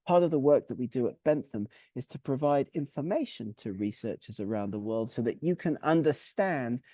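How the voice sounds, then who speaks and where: Male webinar presenter with a mellow tone and animated pitch, methodical and clear, dry close sound. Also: normal speed, no echo. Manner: clear, methodical explaining, with lists and recaps.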